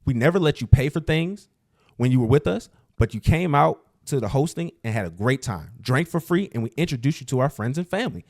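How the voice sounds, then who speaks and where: A man doing an offended young woman who reads out her grievance in a prim, measured voice. She sounds indignant and restrained. She swings widely in pitch, with some lines dropping lower. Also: expressive, a little mellow.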